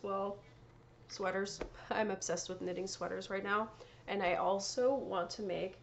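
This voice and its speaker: A woman's voice: medium pitch, a little hiss or hum. A woman hosting a knitting podcast, chatting casually and showing off her yarn and prizes, often correcting herself and laughing. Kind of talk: casual show-and-tell chat.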